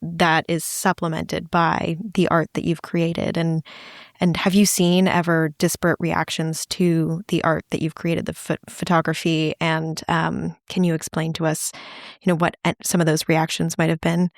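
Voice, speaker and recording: Young woman co-host, low and even delivery, dry sound, careful questions. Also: normal speed, no room sound. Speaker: student co-host.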